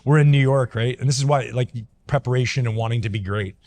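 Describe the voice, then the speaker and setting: Animated middle-aged man from Canada. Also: medium pitch, fast. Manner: animated, filler-heavy, acts out voices in anecdotes. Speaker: guest, former pro pitcher. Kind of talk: casual storytelling chat.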